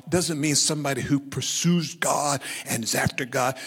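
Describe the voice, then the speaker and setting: A male pastor preaching a sermon, telling the story in a lively way and calling on the congregation to repeat phrases. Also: on the high side, normal speed, slightly rough, big-room sound.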